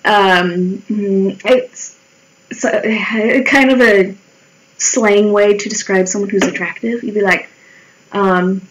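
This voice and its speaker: Slow-talking woman with a tiring voice. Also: mid-range voice, fairly even intonation, a little hiss or hum, low-quality recording. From United States. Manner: rambling, swearing, self-mocking. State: voice wearing out. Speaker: livestreamer drawing. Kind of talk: casual chat while drawing.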